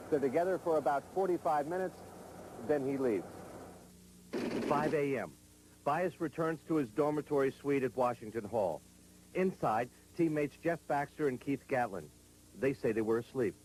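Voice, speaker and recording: A man's voice: on the high side, darkish tone, slight background noise, rough recording. Grave male TV news narrator. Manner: measured, grave. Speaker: TV news reporter.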